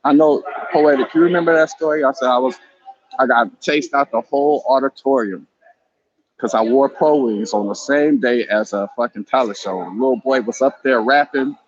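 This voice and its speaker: Hosting a casual chat from home, a man from East Oakland, California, tells stories into a handheld phone, profane, laughing, and animated. His mid-range voice moves at normal speed, and the sound is lo-fi.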